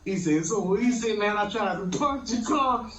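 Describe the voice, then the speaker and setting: High-voiced man telling a rambling story. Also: moderate pace, a bit bright. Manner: rambling, laughing often, repeats "man" and "he say". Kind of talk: casual storytelling. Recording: roomy, dull lo-fi sound with faint noise.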